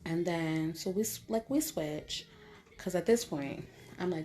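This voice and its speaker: A woman's voice: lowish voice, a little slow, dark tone. A woman vlogger telling a casual storytime monologue to her viewers in a blunt, profane and graphic way.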